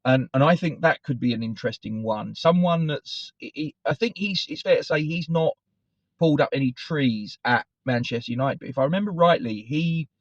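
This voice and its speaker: A man's voice: on the high side, moderate pace, no echo. A middle-aged man, chatting on his fan channel in a digressive, self-correcting way. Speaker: football fan channel host. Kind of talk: casual rambling commentary to camera. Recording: dry, slightly dull recording.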